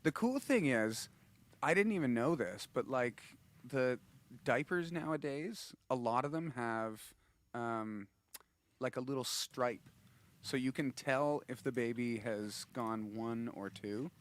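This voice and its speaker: A man's voice: mid-range voice, lively intonation, takes it slowly. A man hosting a casual livestream, rambling and laughing, restarting his sentences often. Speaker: host and musician.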